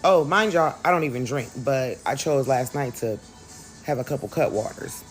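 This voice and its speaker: A woman's voice: very deep voice, animated, normal speed. Chatty woman doing a storytime vlog, emphatic, talks right to the viewers, faint music behind. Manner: chatty, emphatic, addresses the audience directly. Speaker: vlogger.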